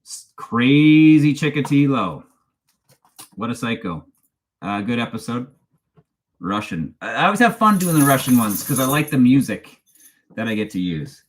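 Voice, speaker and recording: A man's voice: mid-range voice, sing-song, moderate pace, long pauses. A man, hosting a casual live-stream chat in a rambling, chatty way and laughing often as he reads viewer questions aloud. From Canada. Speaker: true crime channel host.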